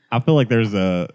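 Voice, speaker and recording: A man with a Southern US accent, a podcast co-host in casual chat over beer, joking, swearing and quick to laugh. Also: fairly low pitch, a little mellow, clear, resonant tone, lo-fi sound. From American South.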